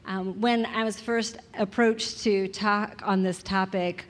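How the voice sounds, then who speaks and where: A woman, giving a church message in a soft-spoken, self-deprecating way with hesitant restarts. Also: medium pitch, fairly even intonation, takes it slowly. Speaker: guest speaker. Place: church sanctuary. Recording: long reverb of a hall.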